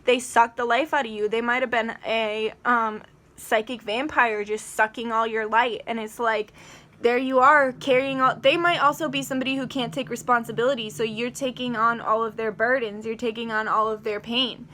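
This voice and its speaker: A woman's voice: fairly high pitch, steady tone, moderate pace, bright, forceful tone, a little hiss or hum. A young woman doing a casual tarot reading to camera, chatty, swearing freely and acting out little quoted asides. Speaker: tarot reader.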